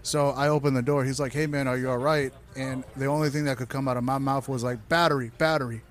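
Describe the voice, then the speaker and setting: With a mid-range voice and a fast delivery, the man tells crude, animated stories of wild nights. The exchange is casual, loose, and full of anecdotes.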